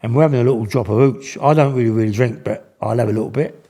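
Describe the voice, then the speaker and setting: An older man tells a story in loose, slangy speech, restarting his sentences often. His voice sits at an ordinary middle pitch. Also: quick pace, dark tone. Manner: rambling, slangy, full of restarts. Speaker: guest. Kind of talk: casual storytelling.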